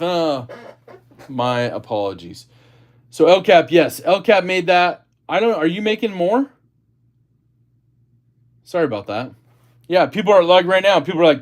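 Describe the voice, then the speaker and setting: Man, livestream host, casual chat, slightly high voice, reads out comments. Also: expressive, normal speed, long pauses. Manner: chatty, reads viewer comments aloud, apologetic asides.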